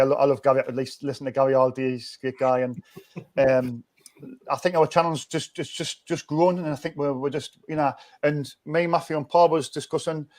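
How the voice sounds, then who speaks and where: A man chats as host of a football fan show. His voice sits a bit high, and he rambles upbeat through restarts and fillers. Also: a little mellow. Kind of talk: casual fan chat.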